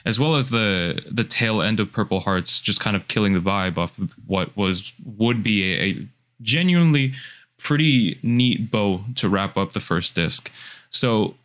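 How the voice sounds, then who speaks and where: Low-voiced man giving an album review. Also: unhurried. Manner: relaxed, opinionated, with filler restarts. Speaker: podcast co-host. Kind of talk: casual album review chat.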